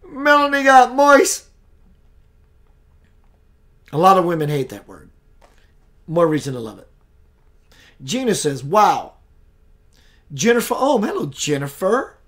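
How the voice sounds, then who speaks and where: A middle-aged man hosting a spiritual live show, telling stories in a lively way, acting out the voices he quotes, and greeting viewers by name. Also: sits high. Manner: animated storyteller, acts out quoted voices, reads out viewer names. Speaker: spiritual talk show host. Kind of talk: casual live-stream monologue.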